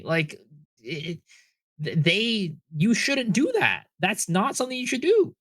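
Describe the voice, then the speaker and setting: Male podcast guest, a bit high-pitched, emphatic, restates his points. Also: sing-song, normal speed, fairly bright tone. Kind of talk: casual podcast chat.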